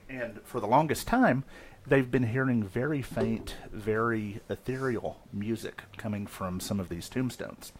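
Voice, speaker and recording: A man's voice: mid-range voice, unhurried, slight background noise. A man hosting a casual paranormal talk show, joking and playful. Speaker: host. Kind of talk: casual radio-show chat.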